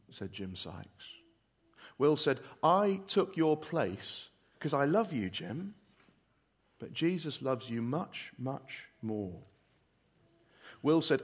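A man preaching earnestly, pleading with listeners, then leading a slow prayer and answering a question. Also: medium pitch, slightly rough. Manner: earnest, pleading, with soft drops and emphatic rises. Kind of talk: sermon with prayer and Q&A.

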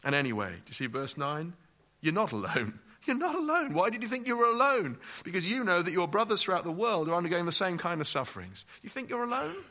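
Animated, bright-voiced male preacher. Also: sits high, fast talker. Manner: animated, emphatic, addresses listeners directly. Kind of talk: sermon.

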